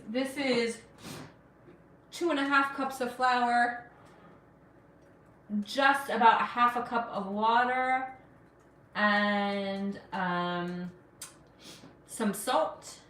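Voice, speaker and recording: A woman from Afghanistan hosts a relaxed cooking live stream at her own unhurried pace. Her voice is bright and forward, and it sounds set back from the mic in an echoey kitchen. She chats easily and answers viewers as they comment. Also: on the high side, far from the mic, slight background noise. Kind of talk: casual live-stream chat while cooking. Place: home kitchen.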